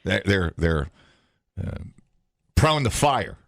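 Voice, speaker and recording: A man's voice: low voice, big pitch swings, slow pace, creaky, fairly bright tone, dry recording, clean studio sound. A man hosting a morning radio show, joking and rambling with fillers. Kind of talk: casual radio banter.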